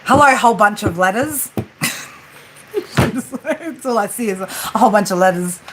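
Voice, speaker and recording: An Australian tarot reader in her forties chats casually on a livestream, joking around and ending her sentences with "right?". Her medium-pitched voice is unhurried, and steady rain drums on the flat roof of her room. The audio is poor, with slight background noise.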